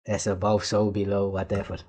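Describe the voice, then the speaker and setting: A man's voice: fairly low pitch, monotone, fairly quick, a little mellow. Heated Surinamese man lecturing in commentary. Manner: heated, lecturing, repeats "you see" and "nigga". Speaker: commentator reacting to archive clips. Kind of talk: casual reaction commentary.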